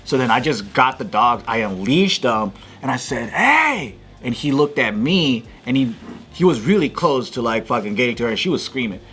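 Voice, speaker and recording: A man co-hosting a casual podcast, telling a story in an animated way, swearing freely and acting out the shouts. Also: mid-range voice, a little fast, a little hiss or hum. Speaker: podcast co-host.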